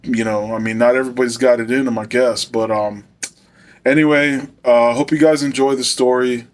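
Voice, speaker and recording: A man's voice: mid-range voice, fairly even intonation, normal speed. A man who is a former correctional officer, telling a profane, swaggering story to camera with laughs along the way.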